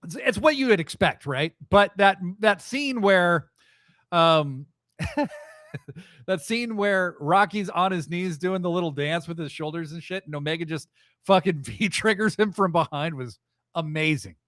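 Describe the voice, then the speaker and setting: A man hosting a live wrestling podcast, recapping events in a rambling, excitable, profane way. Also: high voice, a little slow, dry recording, clean studio sound. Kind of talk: casual live show recap.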